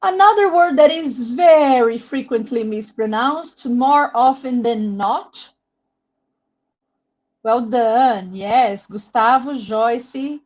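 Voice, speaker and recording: A Brazilian-accented woman runs a live online webinar for teachers, speaking slowly and deliberately. Her voice sits a little high, and she praises participants by name as she goes. The audio is muffled and lo-fi, like a video call. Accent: Brazilian Portuguese. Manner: encouraging, reads out names from chat; slow, careful word-by-word explanation. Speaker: webinar presenter for English teachers.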